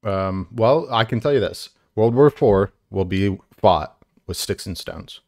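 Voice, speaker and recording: A tipsy man with a fairly low voice co-hosts a drinking podcast. He rambles through his stories with lots of "um"s and loose asides. The recording is dry. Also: lively intonation, measured pace, a little mellow, no room sound. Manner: rambling storyteller, full of fillers. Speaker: podcast co-host. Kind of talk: casual drinking-podcast chat.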